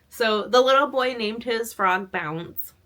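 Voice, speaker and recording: A woman's voice: a little high, slow, fairly bright tone. Chatty, upbeat woman vlogger. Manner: chatty, upbeat storytelling with frequent laughs. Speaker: vlogger, crochet business owner. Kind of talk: casual chat.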